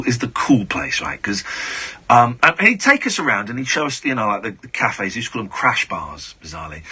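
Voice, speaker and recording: A radio host in his forties tells stories in a casual, gushing chat, stumbling over restarts as he goes. His voice is very bright and swings widely in pitch, with a husky grain to it. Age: 40s. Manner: animated, gushing, full of restarts.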